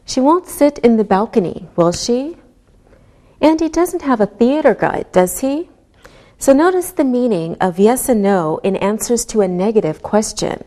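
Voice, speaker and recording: A woman teaching a scripted English grammar lesson with slow, deliberate, sing-song delivery. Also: a little high, darkish tone.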